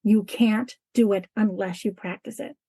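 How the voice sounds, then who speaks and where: A woman's voice: mid-range voice, steady tone, moderate pace, mellow, slightly rough, dry recording. A woman teacher talking as a guest in an interview, earnest and emphatic. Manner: earnest, emphatic, acts out classroom talk. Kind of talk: conversational interview.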